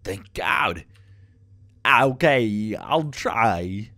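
A man putting on a celebrity impression to voice a male game character, with a halting, clipped delivery. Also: fairly low pitch, lively intonation, bright, forceful tone, no echo, full character voice. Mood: urgent.

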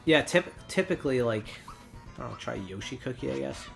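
A man hosting a let's play, calmly explaining his moves as he plays. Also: medium pitch, brisk, creaky, soft background music. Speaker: host playing a video game.

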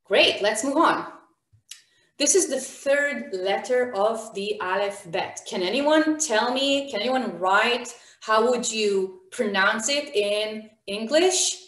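A woman's voice: a little high, animated, takes it slowly, a bit bright, roomy sound. Encouraging woman teaching online. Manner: encouraging, questions students by name. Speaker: Hebrew teacher. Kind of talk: online beginner language class.

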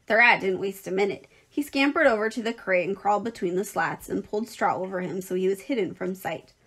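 A woman teacher reading a children's book aloud with clear, expressive storytelling. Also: medium pitch, a little fast.

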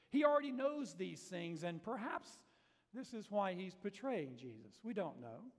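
A man preaching a sermon in a church sanctuary, his fairly high voice ringing out into the long reverb of the hall. He tells the story in a lively, dramatic way and acts out the quoted lines with strong emphasis. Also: a little slow. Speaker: pastor.

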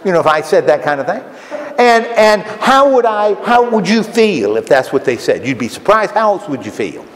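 A man's voice: high voice, sing-song, normal speed. A man giving a folksy, conversational sermon at a retirement home, often asking his listeners questions. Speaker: lay preacher. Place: common room of a retirement home. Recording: echoey hall with faint background noise.

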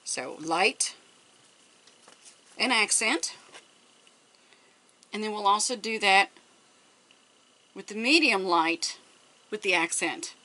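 A woman hosts a casual quilting tutorial, talking to herself through each step and counting measurements aloud. Her medium-pitched voice is animated, pushed and bright, but slow with frequent pauses, on a rough recording.

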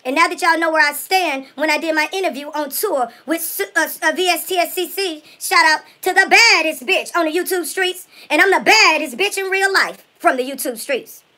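A woman's voice: very high voice, moderate pace, hardly any pauses, pushed and bright, rough recording. A woman impersonating a brash, foul-mouthed woman vlogger in a comedic spoof, ranting at her haters with nonstop profane insults. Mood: furious. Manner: profane, insult-hurling trash talk.

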